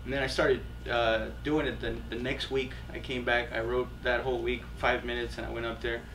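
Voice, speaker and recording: A man talking casually and haltingly about himself, with a self-mocking touch. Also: mid-range voice, little pitch movement, fairly bright tone, a little hiss or hum. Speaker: comedian guest. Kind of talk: casual chat. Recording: distant mic.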